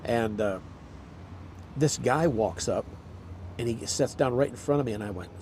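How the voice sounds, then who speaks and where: An older actor in a casual chat, telling rambling anecdotes and acting out quotes. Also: male voice, medium pitch, a little fast, darkish tone, a little hiss or hum. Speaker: actor, guest.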